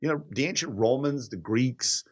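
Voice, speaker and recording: A man in his thirties co-hosting a casual podcast chat, telling lively stories, acting out quoted voices and laughing often. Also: medium pitch, normal speed, slightly rough. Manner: animated storyteller, acts out quoted voices, swears and laughs often. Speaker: podcast co-host.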